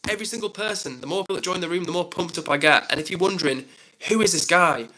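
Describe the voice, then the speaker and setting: A man's voice: high-pitched, fast, pushed and bright, poor audio. A man from England hosting a casual live stream, rambling upbeat through viewer comments with lots of fillers.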